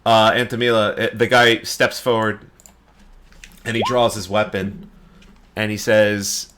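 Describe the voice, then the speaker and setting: A man narrating as dungeon master in a tabletop game, in a calm, measured way. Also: on the low side, slight background noise.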